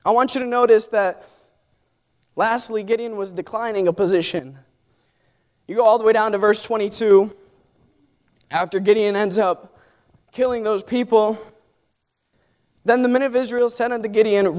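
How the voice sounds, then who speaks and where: A man preaching a sermon. He tells a personal story with fillers and restarts, then builds to loud, impassioned exhortation. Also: sits high, fairly even intonation, moderate pace, pauses often.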